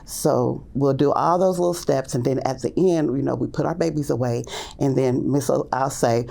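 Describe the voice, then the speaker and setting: A woman teacher with a gravelly, heavily creaking voice and a dark, mellow tone. She tells her classroom stories in a rambling, casual way, full of fillers, and slips into hushed or lifted voices to act out what she and the little ones say. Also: normal speed. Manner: acts out classroom talk in hushed and high voices; loose, rambling with many fillers. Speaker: early childhood teacher. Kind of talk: casual storytelling in a podcast interview.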